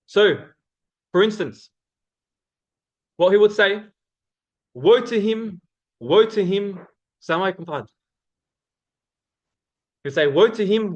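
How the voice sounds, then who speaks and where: Lively young man giving a talk. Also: sits high, lo-fi sound. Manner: lively, addresses the audience directly with tag questions. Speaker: speaker at a student religious circle. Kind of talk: informal talk to a student audience.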